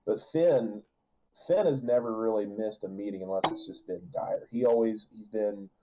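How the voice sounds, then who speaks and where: A man's voice: fairly low pitch, normal speed, noisy background. A man narrating a tabletop game as game master, rambling with restarts and filler words.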